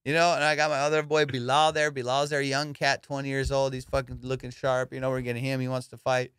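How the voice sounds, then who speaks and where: A man hosting a casual comedy podcast, telling profane, animated stories about boxing. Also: medium pitch, fast, clean tone, no room sound, studio quality. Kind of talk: casual storytelling chat.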